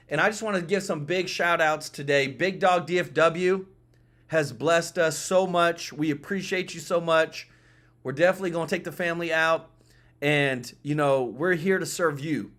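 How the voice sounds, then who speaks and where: Man, higher voice, emphatic repetitive host addressing viewers. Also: steady tone, moderate pace, a bit bright. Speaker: political commentary host. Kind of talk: casual political commentary.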